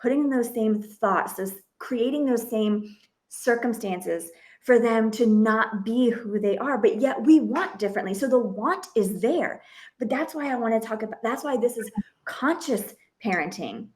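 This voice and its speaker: A woman hosting a parenting podcast, talking in a lively conversational way and acting out bits of family dialogue as she tells stories. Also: on the high side, moderate pace. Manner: animated storytelling, acts out family dialogue. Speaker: podcast host and parenting coach.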